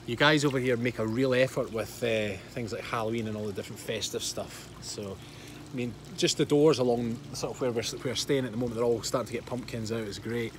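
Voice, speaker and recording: A man's voice: medium pitch, brisk, a little hiss or hum. A man in his thirties with a Scottish accent, chatting casually on a livestream, laughing often and reading out viewer comments. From Scotland. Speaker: livestream host. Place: outdoors by a pool.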